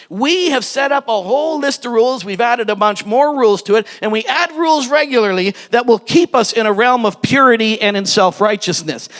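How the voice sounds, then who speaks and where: A man preaching a sermon as a pastor, animated, acting out the story's voices and shouting at the high points. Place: church hall. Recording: church hall with long reverb.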